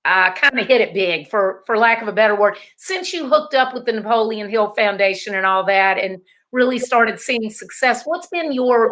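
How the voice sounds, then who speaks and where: A woman's voice: on the high side, a bit bright. A woman hosting a casual interview, encouraging her guest with frequent short agreements and asking open questions. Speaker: interview host.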